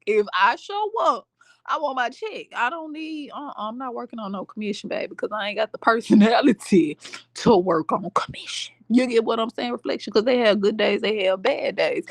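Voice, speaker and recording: A woman hosting a podcast, giving casual commentary in a slangy, animated way and often checking in with her listeners. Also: on the high side, moderate pace, vocal fry, dry recording. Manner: slangy, animated, keeps asking "you get what I'm saying". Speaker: podcast host.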